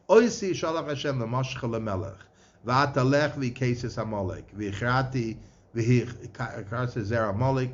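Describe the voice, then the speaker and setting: A man in giving a Torah lecture, chanting verses and weaving Hebrew terms into his talk. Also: medium pitch. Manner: mixes Hebrew and Yiddish-inflected terms into English, chanting verses. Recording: slightly muffled with faint background noise.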